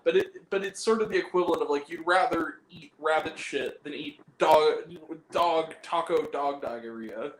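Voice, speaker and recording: A man's voice: a little high, animated, normal speed, reverberant, slight background noise, poor audio. A young man hosting a casual movie review chat, rambling, laughing often and cracking crude jokes.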